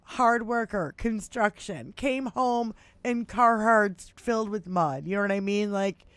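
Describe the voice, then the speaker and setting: A woman co-hosting a casual livestream chat, telling stories in an animated way, swearing freely and laughing often. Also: mid-range voice, unhurried, smooth, no echo. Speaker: livestream co-host.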